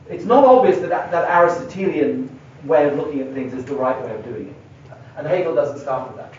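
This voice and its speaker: This middle-aged man's voice is a little high and a little mellow as he delivers a philosophy lecture at a university, musing aloud and stressing key words at the board. Recorded from afar in an echoey lecture hall, the sound is dull and lo-fi with slight background noise.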